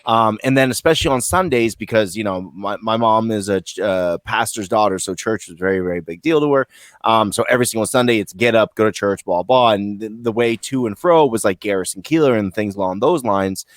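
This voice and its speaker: Low-voiced rambling Vermont man. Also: fairly quick, no room sound. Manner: rambling, profane storytelling. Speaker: podcast co-host. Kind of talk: casual chat.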